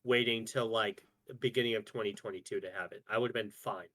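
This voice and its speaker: A man's voice: lowish voice, steady tone, quick pace, fairly bright tone. A young man co-hosting a casual podcast chat, rambling with filler words, restarts and swearing. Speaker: podcast co-host. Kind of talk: casual chat among friends.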